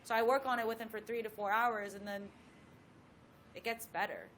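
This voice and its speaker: A woman's voice: on the high side, a little hiss or hum. Chatty woman telling a golf story. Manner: lively storyteller, quick asides. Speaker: guest, pro golfer. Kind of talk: casual storytelling chat.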